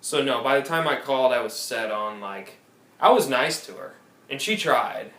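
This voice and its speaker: A man co-hosting a podcast in casual chat, telling animated stories and mimicking callers in high voices. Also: normal speed. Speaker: podcast co-host. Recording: roomy phone recording with faint noise.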